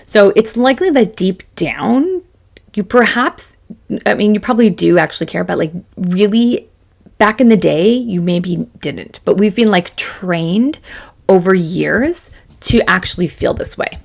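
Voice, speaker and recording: A woman's voice: mid-range voice, lively intonation, unhurried, gravelly. A woman in her forties giving a chatty, self-deprecating motivational talk to camera as a business coach, laughing often.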